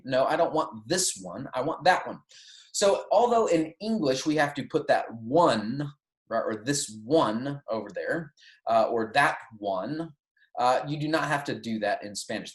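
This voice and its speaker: A man explaining grammar in a steady, patient way, often checking that listeners follow along. His voice sits at an ordinary middle pitch. The room around him gives a noticeable echo. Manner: patient, explanatory, frequent "right?" and "okay?" check-ins. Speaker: Spanish teacher. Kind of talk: classroom lecture. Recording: roomy echo.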